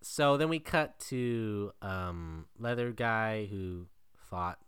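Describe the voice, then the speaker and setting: Male co-host, wry and laughing, bright clean tone, dry close mic; casual recap banter. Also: lowish voice, lively intonation, clear, resonant tone, no room sound. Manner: wry, laughs often, quick jokey asides. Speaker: podcast co-host. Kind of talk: casual movie recap chat.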